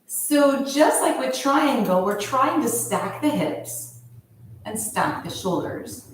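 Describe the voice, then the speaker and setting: A woman leading a yoga class, calmly cueing each pose in time with the breath. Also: fairly high pitch, slow pace, slight background noise. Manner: calm, steady cueing of poses with the breath. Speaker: yoga instructor. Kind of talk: guided yoga class instruction. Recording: very echoey room, voice from far off.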